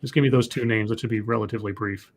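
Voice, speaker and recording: A man's voice: on the low side, steady tone, rapid-fire, creaky. Regular guy hosting a live podcast, rambling a lot. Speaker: podcast host reading chat. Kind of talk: casual live-stream chat.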